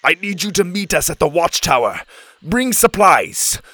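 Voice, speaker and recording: A man's voice: fairly high pitch, sing-song, normal speed, pushed and bright, voice pushed up, exaggerated voice. A man reading a storybook voices a huge, strong man who speaks in short, clipped, formal sentences. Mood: strained. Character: huge strong man, terse under strain.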